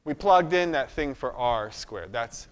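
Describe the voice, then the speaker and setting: A man's voice: medium pitch, animated, measured pace, smooth. A man giving a live math lecture, chatty and self-deprecating, thinking aloud as he works at the board. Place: lecture hall. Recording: long reverb of a lecture hall.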